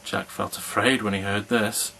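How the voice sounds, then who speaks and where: A man reading a fairy tale aloud in a slow, measured storytelling manner. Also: on the low side, steady tone, vocal fry, bright, forceful tone, a little hiss or hum, low-quality recording.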